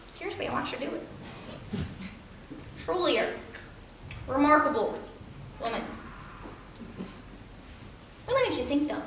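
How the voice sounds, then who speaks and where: A sardonic, washed-up male horse star, played by a woman gives a darkly funny eulogy in a high, bright voice that swoops all over the place. His self-deprecating jokes ring out in a roomy, echoing space. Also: noisy background. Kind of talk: stage monologue, eulogy. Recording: roomy echo.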